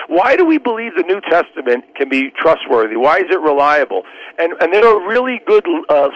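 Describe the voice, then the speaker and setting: A trial lawyer appearing as a guest on a radio interview explains his points earnestly, in persuasive, lawyerly language. His voice is high and fairly bright, heard through dull, lo-fi radio sound.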